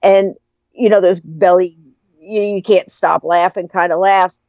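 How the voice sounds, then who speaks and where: A woman's voice: lowish voice, fairly even intonation, unhurried, no echo. A middle-aged woman in casual chat, animatedly telling a story with frequent laughter. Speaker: podcast guest. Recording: dry, muffled lo-fi audio.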